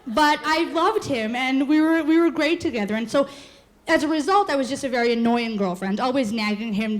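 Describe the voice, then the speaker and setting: A woman in her twenties performing a live comic storytelling set, animated and quick, often laughing through her lines. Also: high-pitched. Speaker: comedic storyteller.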